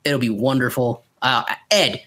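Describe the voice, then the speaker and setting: A man's voice: mid-range voice, a little slow, bright, forceful tone. A man co-hosting a podcast, rambling and swearing freely as he reviews films in casual chat. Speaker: podcast co-host.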